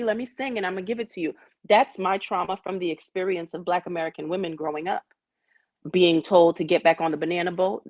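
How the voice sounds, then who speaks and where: A young adult woman from Jamaica hosting a casual group discussion, speaking candidly and telling personal stories with animated asides. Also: medium pitch, no room sound.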